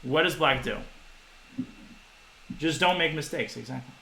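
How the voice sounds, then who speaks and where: A man in his twenties giving a live-streamed chess lesson, talking fast to his viewers and thinking aloud. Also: a little high, gravelly, sharp tone, slight background noise, poor audio. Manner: quick, talks to chat, thinks aloud with restarts.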